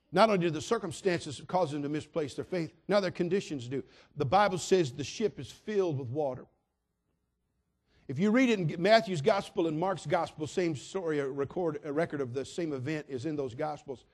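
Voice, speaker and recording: A man preaching a sermon, addressing his listeners directly and acting out the people in his story. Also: a little high. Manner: dramatic, swings from quiet asides to shouts; acts out quoted voices, addresses listeners directly.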